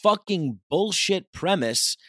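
A man's voice: high voice, expressive, takes it slowly, pushed and bright, no room sound, studio quality. Intense, profane man ranting. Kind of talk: ranting monologue.

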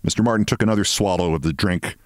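A male podcast host reading a short story aloud with expressive storytelling. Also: deep voice, fast talker, no echo, clean studio sound. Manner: expressive storytelling, shifting voices.

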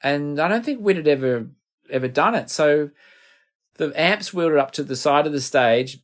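A man's voice: a little high, lively intonation, moderate pace. A middle-aged man with an Australian accent, a guest musician telling rambling, self-deprecating stories in a casual interview.

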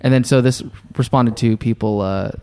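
A man's voice: medium pitch, steady tone, moderate pace, dark tone, smooth. A man co-hosting a podcast who chats casually and tosses off dry, sarcastic jokes. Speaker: podcast co-host. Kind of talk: casual chat.

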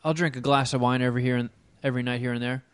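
A young man in casual chat with a friend, joking and throwing in quick interjections. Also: mid-range voice, fairly even intonation, clean tone, no echo.

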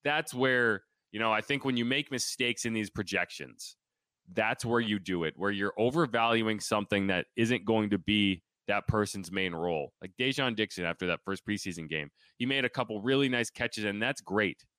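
A man with a low, bright and crisp voice co-hosts a casual sports podcast. He banters in a joking, sarcastic way. The sound is close and dry. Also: moderate pace, no room sound. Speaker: podcast co-host.

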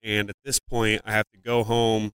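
A man from Ohio guesting on a podcast, talking through a story in a loose, rambling way, full of "like" and the odd curse. His voice is smooth and even, caught dry and close with almost no room sound. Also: fairly low pitch, moderate pace, dry recording. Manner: rambling, frequent "like" fillers and swearing. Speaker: comedian guest. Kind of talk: casual storytelling in a podcast interview.

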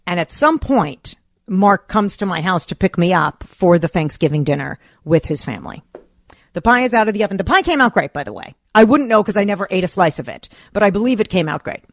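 Animated woman host telling a personal story. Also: brisk, no echo, studio quality. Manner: animated storyteller, acts out her own past lines in a high wail. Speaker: radio show host. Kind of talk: personal storytelling on talk radio.

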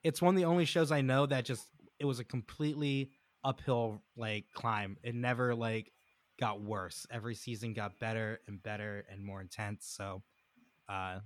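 A man's voice: on the low side, steady tone, moderate pace, dry recording. A man co-hosting a wrestling podcast in casual chat, sick with a cold and telling self-deprecating stories. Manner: chatty, self-deprecating storyteller. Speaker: podcast co-host.

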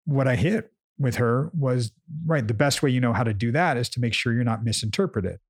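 A man's voice: medium pitch, fairly quick, breathy edge, no echo, clean studio sound. A man co-hosting a casual chat, explaining his coaching approach emphatically and often repeating words as he thinks. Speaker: podcast co-host, coach.

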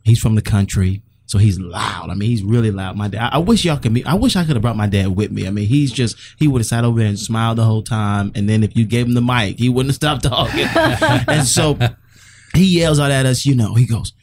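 A man telling a personal story as a guest on a talk show, animated and laughing often. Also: mid-range voice, brisk, a little hiss or hum.

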